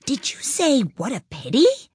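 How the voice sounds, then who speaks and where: A woman voicing a timid, anxious male rabbit who talks in a nervous, hushed way. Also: high-pitched, huge pitch swings, a little slow, breathy edge, no room sound, clean studio sound, pitched above the performer's own voice, heavily acted.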